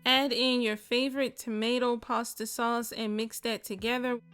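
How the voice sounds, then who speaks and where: A woman's voice: a little high, flat delivery, moderate pace, fairly bright tone, smooth, faint music behind. A woman hosting a cooking channel, narrating each step in a playful, chatty way and talking straight to her viewers.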